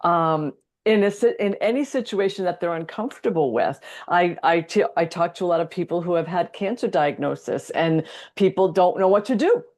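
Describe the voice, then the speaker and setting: A woman's voice: fairly low pitch, moderate pace, few pauses, a little mellow. A woman hosting a podcast interview, a supportive listener who affirms her guest. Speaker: podcast host. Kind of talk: conversational interview.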